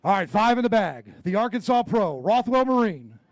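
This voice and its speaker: A high-pitched man emcees a fishing weigh-in on an outdoor stage, hyping the crowd with loud call-outs and quick jokes. His voice is dry and close on a handheld mic. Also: sing-song, no room sound. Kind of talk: live tournament emcee.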